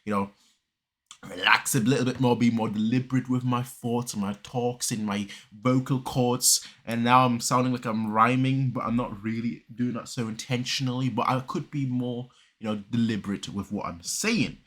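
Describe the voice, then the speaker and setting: A man from southern Germany giving casual reaction commentary, talking fast and rambling with many restarts and pauses. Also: medium pitch, steady tone, fairly bright tone. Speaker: reaction video creator.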